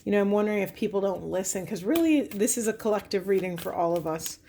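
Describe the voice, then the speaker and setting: Woman doing a spiritual card reading, kinda musing out loud, lots of ums, earnest and pleading with viewers. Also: medium pitch, fast talker, vocal fry, a little hiss or hum. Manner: reflective, musing, thinks aloud with fillers. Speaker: tarot reader. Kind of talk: spiritual tarot reading to camera.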